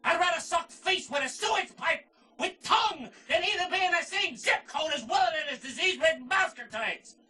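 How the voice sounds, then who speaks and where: A man's voice: very high voice, animated, a little fast, far from the mic, slight background noise, heavily acted. A man voicing a squeamish, ranting undead male sidekick in a video game. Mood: disgusted ranting. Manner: ranting, disgusted, ends in shouts.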